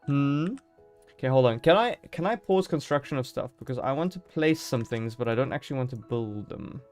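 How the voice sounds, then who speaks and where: A man's voice: mid-range voice, expressive, a little fast, darkish tone, soft background music. A man streaming a game live, chatting casually and joking as he thinks aloud.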